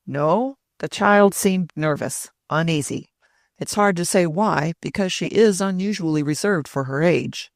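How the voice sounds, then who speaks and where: A woman reading the part of a calm male doctor who explains in a measured way. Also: on the low side, dry recording, clean studio sound.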